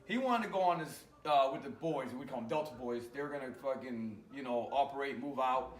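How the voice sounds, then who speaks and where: A man, an Army veteran, telling an animated, profane war story in casual conversation in a garage. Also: medium pitch, brisk, echoey room, far from the mic.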